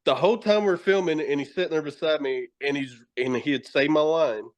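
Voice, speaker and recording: A man's voice: on the high side, brisk. A man with a Tennessee accent, a horror host and actor, swearing and laughing as he tells stories in a casual podcast chat. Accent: Southern US, Tennessee. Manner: loud, profane storytelling, laughing often.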